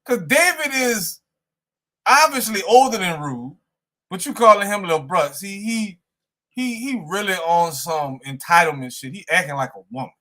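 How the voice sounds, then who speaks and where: A man's voice: sits high, animated, normal speed, sharp tone. A man co-hosting a livestream argument, laughing at and mocking the others. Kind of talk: mocking commentary in a live argument.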